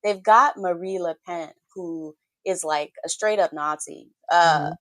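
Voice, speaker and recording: Her voice is lowish and fairly bright, unhurried, with no room sound at all. She is a morning-show co-host giving a wry, conversational take on the news, full of fillers, in relaxed political banter.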